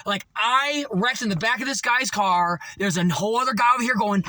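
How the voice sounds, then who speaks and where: High, lively man ranting with profanity. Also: brisk, few pauses, a little hiss or hum. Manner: rambling and profane, with frequent fillers; animated storytelling. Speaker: motivational vlogger. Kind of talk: casual motivational monologue.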